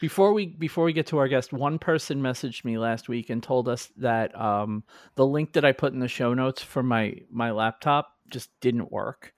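A man's voice: mid-range voice, dry recording, studio quality. A man hosting a podcast in casual chat, talkative and self-deprecating. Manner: chatty, self-deprecating, quick restarts. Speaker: podcast host.

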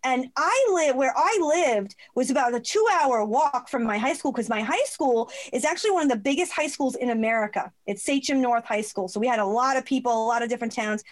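A woman telling a personal story as a guest in a conversation, expressive and quick to laugh, acting out the voices she quotes. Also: high-pitched.

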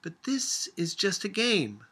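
A man's voice: high voice, sing-song, slow, bright, forceful tone, husky, voice pushed up, heavily acted. A man reading aloud who voices an elderly, stubborn grandmother with a dry wit and a testy patience. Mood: wry, exasperated.

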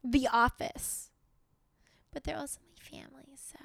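Woman podcast co-host, high voice with vocal fry, dry close mic, emotional and chatty. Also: a little slow, dry recording, in a whisper. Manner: animated, emotional, laughs often. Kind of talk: casual chat.

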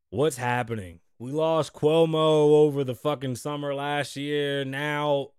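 A man's voice: mid-range voice, no echo, clean studio sound. Profane, joking man hosting a podcast. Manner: profane, joking, loose and rambling. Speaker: podcast host. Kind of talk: casual podcast chat and reading news aloud.

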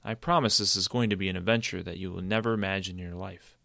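A commanding old wizard trapped in a tree stump, firm and insistent, with a fairly low voice, as a male storybook reader plays him. The sound is dry and close. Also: steady tone, fast talker, gravelly, sharp tone, dry recording, heavily acted. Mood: confident.

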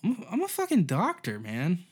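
A man doing a furious doctor who can't believe he's been refused, his voice jumping way up high as he rants. He sounds loud and wounded, firing off indignant questions one after another. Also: huge pitch swings, moderate pace, breathy edge, exaggerated voice. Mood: outraged. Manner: outraged, ranting, shouty. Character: indignant man, a doctor turned away at a shop.

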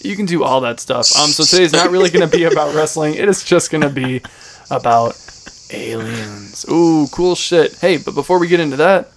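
A man's voice: fairly high pitch, moderate pace, slight background noise. A man hosting a casual podcast, joking and teasing his friends as he talks. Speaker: podcast host. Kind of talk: casual banter.

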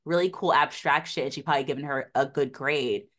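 A woman's voice: very deep voice, fairly quick. A young woman casually recapping a TV episode, full of "like" and "um", laughing often and acting out the characters' lines. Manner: animated, acts out characters' lines mid-story; laughs often, many likes and ums. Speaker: podcast co-host recapping a TV episode. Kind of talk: casual chat.

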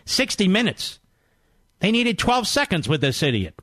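A man's voice: sits high, very animated, moderate pace, pushed and bright. A middle-aged man hosting a political talk radio show in a mocking, combative monologue.

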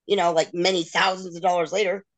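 A woman's voice: lowish voice, little pitch movement, fast. Middle-aged woman guest, candid and emotional, acts out others' words as she tells her story. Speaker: interview guest.

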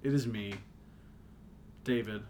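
A young man co-hosting a casual podcast, playful, joking and now and then slipping into a booming announcer voice. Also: slow, dark tone. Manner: playful, slips into a booming over-the-top announcer voice. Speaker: podcast co-host. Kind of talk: casual chat with goofy announcer bits.

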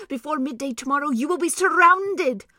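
Woman reading learned old male doctor, earnest, urgent, bright high voice, dry sound. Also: normal speed, no room sound.

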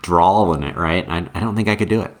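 A man's voice: low voice, quick pace. Easygoing American man thinking aloud. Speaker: podcast co-host. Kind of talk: casual sports chat.

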